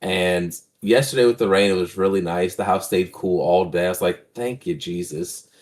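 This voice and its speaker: A young man in casual podcast chat, rambling and laid-back, with plenty of swearing. His voice sits a little low. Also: steady tone, normal speed. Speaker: podcast co-host.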